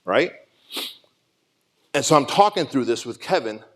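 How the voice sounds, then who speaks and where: Speaking expressively and a little slowly in a mid-range voice, a summit speaker from Armenia, in his forties, shares his personal story from a conference stage. The motivational talk is raw and emotional, laced with frequent swearing.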